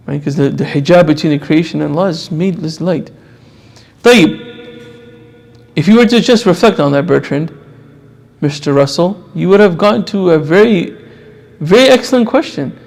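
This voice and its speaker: A young man giving a religious lecture to an audience, preaching emphatically with sudden quiet asides and shifting pace. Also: on the high side, creaky. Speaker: Islamic lecturer.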